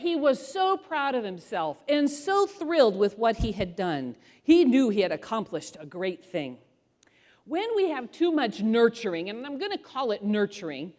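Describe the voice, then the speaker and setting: A middle-aged woman speaker telling parenting stories to an audience, animated and acting out voices as she goes. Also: a little high. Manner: animated storyteller who acts out voices. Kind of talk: storytelling talk to an audience. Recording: long hall reverb.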